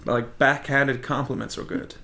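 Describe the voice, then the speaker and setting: A man, a comedian guest, spinning deadpan, absurd tall tales in casual banter. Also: medium pitch, moderate pace, vocal fry. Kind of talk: improvised comic storytelling.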